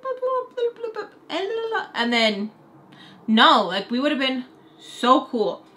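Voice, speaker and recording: A woman's voice: medium pitch, fairly bright tone. Chatty young woman telling a story. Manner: chatty retelling, acting out both sides of conversations, lots of "like". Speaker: storytime vlogger. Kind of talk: casual storytelling.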